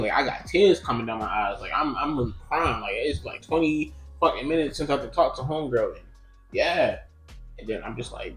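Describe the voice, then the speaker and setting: A young man telling a personal story in casual chat, rambling and profane with lots of fillers. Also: mid-range voice. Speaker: podcast co-host. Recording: roomy echo.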